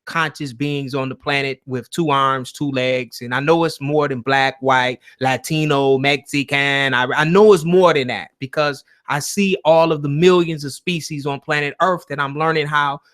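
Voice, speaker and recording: Male call-in host, casual, blunt, a little high-pitched. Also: steady tone, normal speed, hardly any pauses, a bit bright, clear, resonant tone. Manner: loose, blunt, swears casually.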